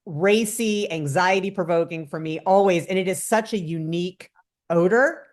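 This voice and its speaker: A woman with a somewhat low voice chats as a guest on a podcast. She explains at length and livens it up when she quotes other people. Her tone stays conversational throughout. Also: normal speed. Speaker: guest cannabis educator.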